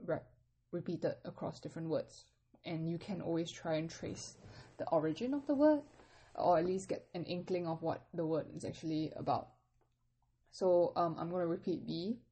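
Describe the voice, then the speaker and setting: A woman teaching a casual language lesson, patiently explaining step by step with relaxed fillers. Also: fairly low pitch, breathy edge.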